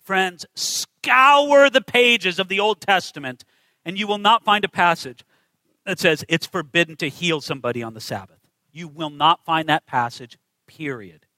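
A man's voice: high-pitched, normal speed, bright, forceful tone, no room sound, low-quality recording. A man preaching a sermon, emphatic and full of rhetorical questions to his listeners.

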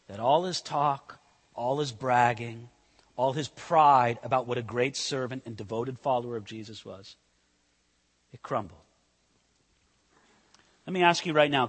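A male pastor delivers a sermon in a bright, sharp voice that climbs high and dips low. He swings from loud emphasis to hushed intensity. His voice carries a long reverb, as if in a large hall. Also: breathy edge.

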